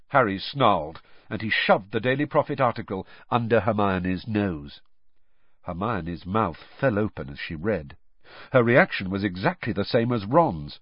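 A man reading a story as an audiobook narrator, expressive and dramatic. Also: lowish voice, normal speed, slightly rough, no room sound. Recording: dry, slightly dull studio audio.

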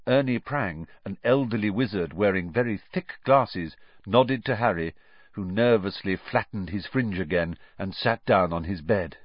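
A man narrating an audiobook in an expressive storytelling manner. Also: on the low side, measured pace, no room sound. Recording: dry, slightly muffled.

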